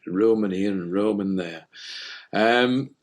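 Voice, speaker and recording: A low-pitched man drifts through a relaxed spiritual conversation. He jokes, restarts his sentences and fills the gaps with ums. His delivery stays casual and warm-hearted. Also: takes it slowly. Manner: jokey, rambling, many fillers and restarts. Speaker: medium and podcast co-host.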